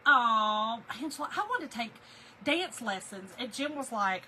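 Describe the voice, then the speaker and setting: A woman's voice: fairly high pitch, lively intonation, a little slow, sharp tone, a little hiss or hum, poor audio. Chatty woman crafting on a livestream. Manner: chatty, folksy, laughs often, answers viewer comments. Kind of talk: casual livestream chat while crafting.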